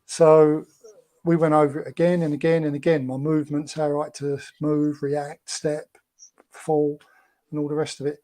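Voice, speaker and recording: Chatty man with a mellow voice. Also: fairly high pitch, flat delivery, moderate pace. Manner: chatty and rambling, with many fillers. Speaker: guest, former film extra. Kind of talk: casual anecdote telling.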